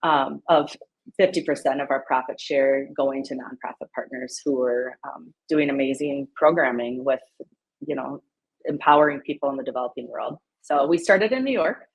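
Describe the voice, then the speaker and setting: A woman with a Minnesota accent, an agency founder as a podcast guest, agreeable and quick to chime in. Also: rumbling low, breathy edge, lo-fi sound. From Minnesota, USA. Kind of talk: casual interview chat.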